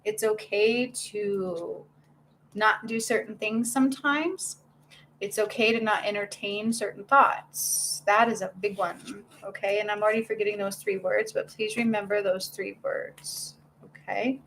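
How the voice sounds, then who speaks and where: A middle-aged woman giving a live-stream spiritual reading, bubbly and excitable, laughing often as she talks. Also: mid-range voice, a little slow, a little hiss or hum. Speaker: spiritual medium and healer.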